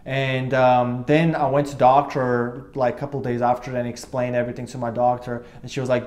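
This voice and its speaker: A man's voice: mid-range voice, flat delivery, fairly quick, hardly any pauses, darkish tone. A man in his twenties earnestly recounting a personal experience, rambling with many fillers and restarts. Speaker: vlogger telling his own story. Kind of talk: personal storytelling to camera.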